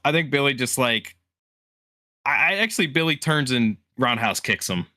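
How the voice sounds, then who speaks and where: A man chatting casually as a player in a tabletop game, pausing often with uhs. His tone is bright and forward. The sound is dry and close. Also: mid-range voice, expressive, no room sound. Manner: halting, thinks aloud with uhs.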